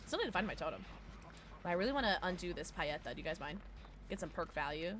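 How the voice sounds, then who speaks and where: A woman streaming a game and chatting casually with her viewers, playful and excitable. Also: on the low side, rapid-fire, slight background noise. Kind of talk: casual gameplay streaming, reading chat.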